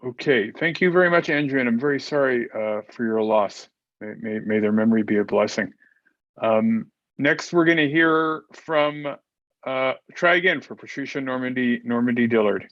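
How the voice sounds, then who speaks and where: A man hosts an online club meeting, introducing each speaker in a halting way with plenty of repeated words. He is on a video call, and his sound is dry and a little dull. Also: mid-range voice, fairly bright tone, no echo. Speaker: meeting host.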